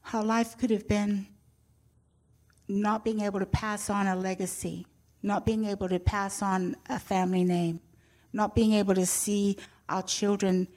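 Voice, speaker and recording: A woman's voice: mid-range voice, darkish tone. Earnest older woman giving a testimony. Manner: heartfelt and earnest, lightly humorous. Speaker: guest speaker sharing a faith testimony. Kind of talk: personal testimony to a church audience.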